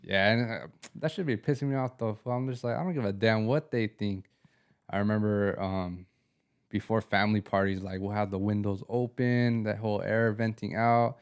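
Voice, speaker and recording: A man's voice: on the low side, steady tone, normal speed, smooth. A young man co-hosting a podcast, telling slangy, laid-back stories. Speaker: podcast co-host. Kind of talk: casual chat.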